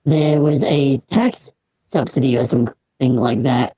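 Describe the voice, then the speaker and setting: A person doing a robot guest who loves science fiction and talks in an earnest, measured way. The voice is mellow and husky, on a dull, lo-fi recording. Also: medium pitch, no echo. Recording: dull lo-fi audio.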